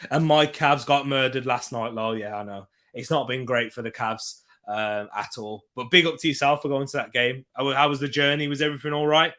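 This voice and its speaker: A young man hosting a live football watchalong, jumping between excited match calls and quieter chatter with viewers. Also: medium pitch, fairly quick, few pauses. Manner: excitable, switches between loud hype and quiet chat reading. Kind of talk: live match commentary and chat reading.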